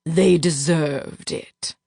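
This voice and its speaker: A hissing, half-mad villainous duke drags out each threat in a slow, menacing way, as a woman audiobook narrator puts him on. The voice sits a touch low for her, with a dry, close sound and no room around it. He is cruel and unhinged. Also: steady tone, gravelly, dark tone, husky, no room sound, heavily acted.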